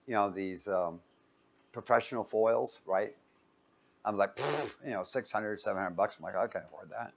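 A man teaching a Bible class in a playful way, quizzing his listeners and joking with them as he talks to a live group. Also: mid-range voice. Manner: playful, quizzes the audience and jokes.

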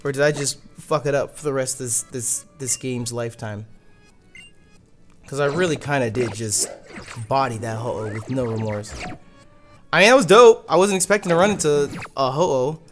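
Animated, exasperated male game streamer. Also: mid-range voice, normal speed, soft background music. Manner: animated, exasperated, swears freely. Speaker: let's play host. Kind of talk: casual gameplay commentary.

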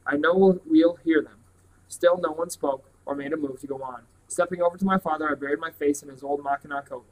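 A man reading a novel aloud at a plain, steady pace. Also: a little high, quick pace, poor audio. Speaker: reader.

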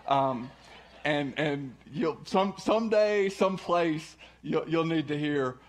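A man speaking after his wife's testimony, halting with many restarts and fillers. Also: on the high side. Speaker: church speaker, husband of the previous speaker. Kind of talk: casual talk before a sermon.

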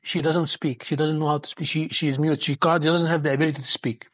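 A stern older garden owner speaks in a husky, breathy voice with firm, flat refusals, as a man puts him on while telling a story. He sounds grave and unmoved. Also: a little high, fast talker, dry recording, studio quality.

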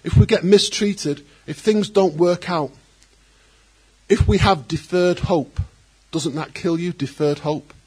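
A man preaching a sermon as pastor, animated, acting out quoted voices and adding joking asides. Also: sits high, slow, husky.

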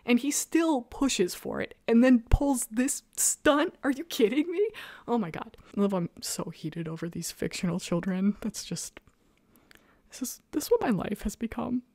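Animated young woman recapping, dry sound. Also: fairly high pitch, normal speed, no echo. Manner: animated, exasperated, laughs often. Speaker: show host. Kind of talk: casual recap chat.

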